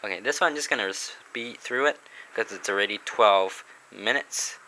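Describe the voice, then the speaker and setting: A man's voice: fairly low pitch, moderate pace, bright, forceful tone, slight background noise, rough recording. A man casually reviewing a comic book, rambling, chuckling and reading panels aloud.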